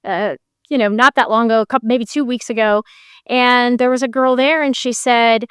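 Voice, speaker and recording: Woman guest, high clear voice, chatty storytelling, puts on voices for quotes, dry close mic. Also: moderate pace, no room sound. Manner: animated, acts out quoted voices. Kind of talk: conversational storytelling.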